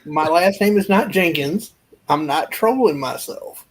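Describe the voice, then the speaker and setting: High-voiced man joking around on a stream. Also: expressive, measured pace, poor audio. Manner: joking, self-mocking, stumbles over words. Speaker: guest on a live stream. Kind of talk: casual joking chat.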